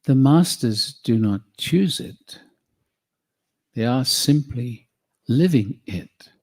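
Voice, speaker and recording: Man, spiritual teacher, unhurried and measured delivery, mid-range voice. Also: mid-range voice. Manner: measured, calm, addresses listeners as beloved. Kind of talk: slow guided spiritual teaching.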